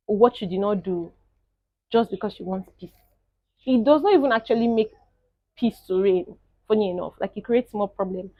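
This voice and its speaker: A young woman, giving animated, opinionated casual commentary as a show reviewer and laughing often. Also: a little high, dry recording.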